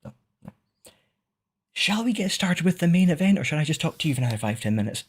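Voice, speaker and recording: A man's voice: a little high, big pitch swings, fast talker, husky. A man with a Scottish accent, a VTuber streamer rambling casually to his chat, swearing and laughing often. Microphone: streaming microphone.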